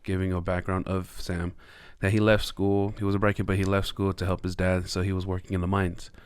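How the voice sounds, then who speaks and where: A man co-hosting a podcast, talking through a movie in casual chat, hesitant and pausing often with fillers. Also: sits low, monotone, clean tone, no room sound, clean studio sound. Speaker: podcast co-host.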